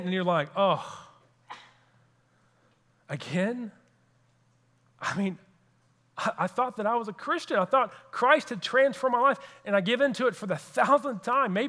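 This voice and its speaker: A man's voice: high voice, fairly bright tone, in a large hall. A man preaching a sermon as pastor, earnest and repeating key phrases for emphasis.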